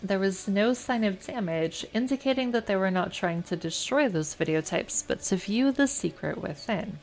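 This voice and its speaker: Soft music plays behind this American streamer as she narrates game text in a measured, calm tone at medium pitch, dropping casual chat between sections.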